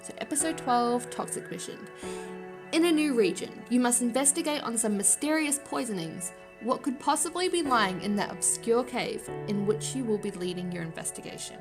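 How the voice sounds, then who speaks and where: A woman's voice: a little high, normal speed, over music. A woman hosting a casual let's-play of a story game, chatty and giggly, reading the dialogue aloud.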